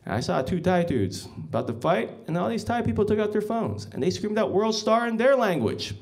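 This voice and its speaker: Lively, high-voiced male stand-up comedian. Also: a little fast. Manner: rambling, self-mocking, with chuckling asides.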